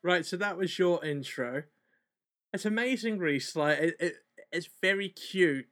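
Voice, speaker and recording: Casting: wry male podcast co-host in a home attic, slightly high voice, guitar music clearly behind. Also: a little slow. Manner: relaxed, wry, restarts words. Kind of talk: casual podcast chat.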